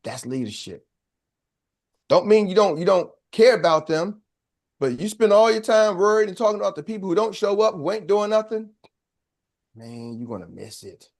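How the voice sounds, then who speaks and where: With an animated, slightly mellow voice that sits high, the man moves at a moderate pace through a motivational sales training. Preacher-like, he asks the room questions, waits for replies and performs little character voices to illustrate his points.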